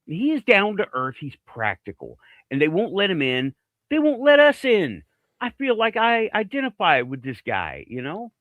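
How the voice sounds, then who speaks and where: A man's voice: fairly high pitch, huge pitch swings, normal speed, dry recording, phone-quality sound. A man with a Middle Tennessee accent, a guest on a live stream, talking casually in a laid-back, folksy way. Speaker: guest podcaster.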